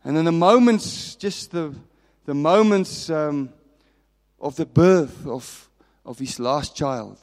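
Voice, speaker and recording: A man preaching a sermon as a pastor, telling stories with passion and dropping from raised to hushed. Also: on the high side, slow. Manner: impassioned storytelling, swinging from raised to hushed. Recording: long reverb of a large hall.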